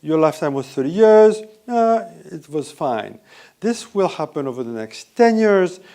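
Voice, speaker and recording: A man's voice: a little high, very animated, a little slow, dark tone. A man giving a conversational business keynote at a conference, with restarts and rhetorical questions. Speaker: conference speaker.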